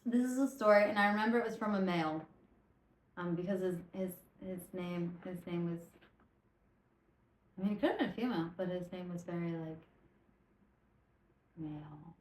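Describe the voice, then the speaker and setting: A woman hosting a casual storytelling podcast, tipsy from vodka, retelling stories in an animated, rambling way with swearing and stumbling self-corrections. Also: lowish voice, brisk, reverberant, slight background noise, low-quality recording. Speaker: podcast host.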